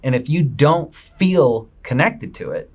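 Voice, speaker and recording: A man talks as a business coach in a relaxed, upbeat way. He speaks straight to his listeners, chatty and encouraging, and slips into quick voices for what people think to themselves. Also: mid-range voice, dull audio. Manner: upbeat, conversational, acts out inner voices. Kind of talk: motivational talk to camera.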